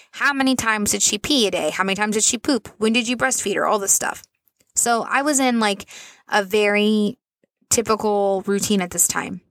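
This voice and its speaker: Woman, 30s, mother recounting a story; earnest and rambling, gravelly undertone, dry close sound. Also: medium pitch, fairly bright tone, no echo. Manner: earnest, rambling with fillers and asides. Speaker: mother telling a personal story. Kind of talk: casual storytelling to camera.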